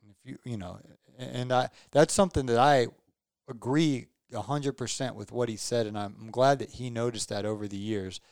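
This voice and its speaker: A man's voice: mid-range voice, normal speed, a little mellow, clear, resonant tone, dry recording, clean studio sound. A tired man hosting a casual podcast chat, rambling and repeating words, upbeat and joking. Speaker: podcast host.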